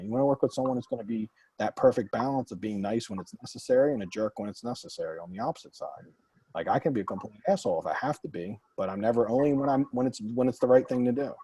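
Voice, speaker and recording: A man hosting a group Q&A, telling blunt, animated stories full of quoted dialogue. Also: medium pitch, slightly rough, no room sound, low-quality recording. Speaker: real estate investor and mastermind host. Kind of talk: casual group Q&A coaching.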